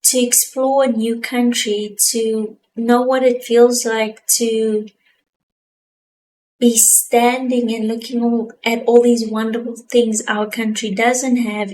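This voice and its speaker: A woman's voice: a little high, darkish tone, slight background noise, poor audio. A young South African woman talking to camera in a heartfelt, reflective personal vlog. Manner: earnest, heartfelt, slow and thoughtful. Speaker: vlogger.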